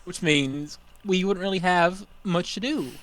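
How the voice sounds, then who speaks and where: A man's voice: high voice, measured pace, a bit bright, no echo. A man co-hosting a casual podcast, rambling through annoyed stories about running carnival games. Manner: rambling, repeats himself, annoyed storytelling. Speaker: co-host, carnival game attendant.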